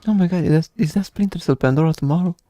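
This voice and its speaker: A man's voice: a little high, rapid-fire, warm tone, no echo. A man streaming, casually cracking crude jokes while reacting to a gameplay video. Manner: joking, crude and laughing.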